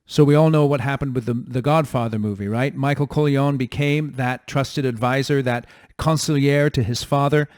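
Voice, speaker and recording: Male podcast host, mid-pitched, dry close mic, firm coaching delivery. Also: fairly even intonation, normal speed, darkish tone, no echo. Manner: direct, coaching tone with numbered points. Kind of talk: solo advice talk.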